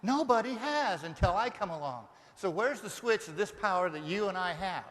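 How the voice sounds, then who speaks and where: High-voiced man working a seminar crowd. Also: normal speed, slight background noise. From Denver, Colorado. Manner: energetic, rhetorical questions to the crowd. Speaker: motivational speaker. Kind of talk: live motivational seminar. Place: large seminar hall. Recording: long reverb of a live hall.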